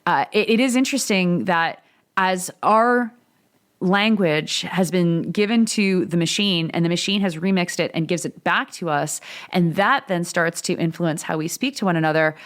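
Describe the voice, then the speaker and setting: A woman's voice: fairly low pitch, moderate pace. A woman co-hosting a podcast, talking in a thoughtful, musing way with long reflective sentences. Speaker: podcast co-host. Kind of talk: casual conversational podcast chat.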